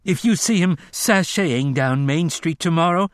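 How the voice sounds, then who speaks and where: A man voicing a fierce preacher woman who questions and exhorts a congregation in a slow, hammering cadence. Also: fairly high pitch, no echo, studio quality, pitched above the performer's own voice, lightly acted. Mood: commanding. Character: fierce commanding preacher woman, cold and gentle.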